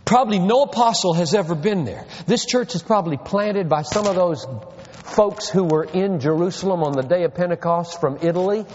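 A man preaching a sermon, pressing rhetorical questions and swinging from quiet remarks to loud emphasis. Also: high-pitched. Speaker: pastor. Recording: dull lo-fi recording in a reverberant hall.

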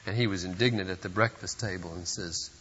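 A man's voice: deep voice, fairly quick, a bit bright, in a large hall, muffled recording, a little hiss or hum. A man preaching a sermon at a church service, earnest and emphatic, pressing his points with sudden surges of force. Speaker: pastor.

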